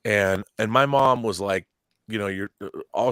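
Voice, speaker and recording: A man in his fifties, co-hosting a podcast, telling blunt, lively stories and acting out the dialogue in them. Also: fairly low pitch, normal speed, clean tone, no room sound, clean studio sound. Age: 50s. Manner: animated anecdotes, blunt, acts out dialogue. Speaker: podcast co-host. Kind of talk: casual storytelling chat.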